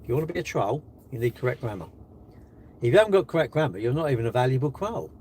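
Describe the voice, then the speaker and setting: A British man streaming live from his car, mocking the comments he reads out. His voice sits in a middle pitch, with a faint hiss of noise underneath. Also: racing. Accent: British English. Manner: sarcastic, mocking and lively. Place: in a car while charging it.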